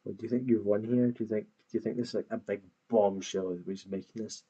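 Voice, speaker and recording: A man's voice: lowish voice, steady tone, fast, lo-fi sound, crowd noise. A man hosting a reaction video, talking back at a clip with scornful, swearing commentary.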